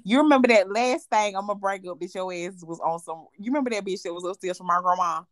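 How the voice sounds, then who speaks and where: A woman co-hosting a podcast, telling stories in casual chat, animated, profane and quick to laugh. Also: mid-range voice, no room sound. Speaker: podcast co-host.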